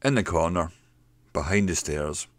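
A man narrating a mystery story in a slow, measured way. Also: deep voice, lively intonation, dry recording.

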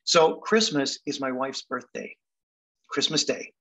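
Husky older Canadian man telling stories. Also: medium pitch, unhurried, low-quality recording. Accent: Canadian English. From England. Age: 70s. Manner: animated, wry storyteller. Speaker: guest speaker. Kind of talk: storytelling talk.

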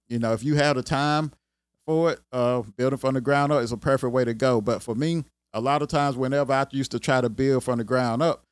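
A man's voice: mid-range voice, no echo. A man with a Southern country accent hosting an IT career video, talking casually and rambling with lots of "you know what I'm saying.". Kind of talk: casual talk to camera.

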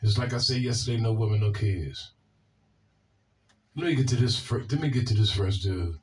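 A man's voice: fairly low pitch, moderate pace, recorded from a distance, a little hiss or hum. A man with a Washington, D.C. accent hosting a video, answering viewer comments in a blunt, profane way and often repeating himself. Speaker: video host.

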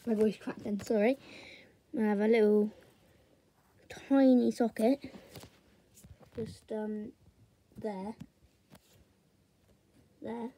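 Slow, mellow-voiced woman teaching drawing. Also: fairly high pitch, steady tone. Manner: slow, chatty step-by-step narration while drawing. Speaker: drawing tutor. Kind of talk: casual drawing tutorial.

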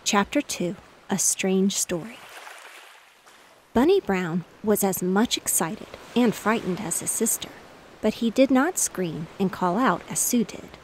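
A woman narrating a bedtime story in a gentle, steady reading voice. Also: mid-range voice, measured pace, slight background noise. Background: faint waves.

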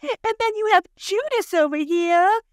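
A woman imitating an older woman who scolds in a high, tearful voice. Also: lively intonation, a little slow, dry recording, clean studio sound. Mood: tearful scolding. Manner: scolding, teary.

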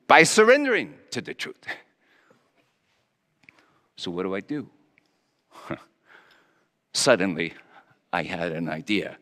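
In the long reverb of a large hall, a male pastor delivers a dramatic first-person monologue in character as a Roman governor. His medium-pitched, slightly bright voice comes out theatrical and halting.

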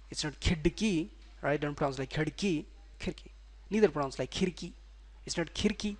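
A man's voice: a little high, normal speed, a bit bright, very echoey, far from the mic. A man teaching Hindi pronunciation in a casual video lesson, repeating each word several times as a drill.

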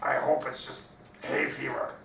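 Man reading as a worried goofy pirate, bright voice, lots of room echo, far from the mic. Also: medium pitch, little pitch movement, unhurried. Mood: fretful. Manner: fretful, then blustering. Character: anxious, bumbling male pirate. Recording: echoey hall, distant mic, faint hiss.

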